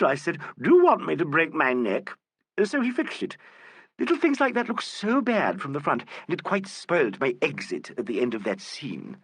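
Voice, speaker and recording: A man's voice: medium pitch, gravelly, breathy edge, no echo, pitched above the performer's own voice, heavily acted. A man voicing a cosy, chatty old actress with a jolly wheeze, in an audiobook. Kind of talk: audiobook character voice.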